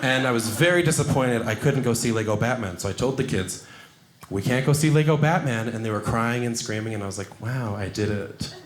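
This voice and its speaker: A young man doing a stand-up comedy set, self-deprecating and animated, jumping into high put-on voices for quotes. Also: brisk, a crowd in the background. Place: comedy club stage before a laughing audience. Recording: roomy club sound, audience laughter.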